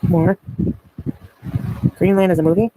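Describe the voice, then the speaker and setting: A woman's voice: on the low side, steady tone, a little slow, heavy background noise. Giggly rambling woman livestreamer. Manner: giggly, rambling, answers chat names. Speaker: livestreamer reading chat. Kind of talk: casual livestream chat.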